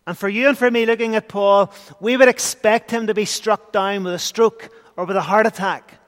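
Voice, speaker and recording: A man preaches with a notably high voice, earnest and rising into emphatic bursts. His words ring out with a long church reverb trailing behind. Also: fairly even intonation, normal speed, fairly bright tone. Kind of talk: sermon.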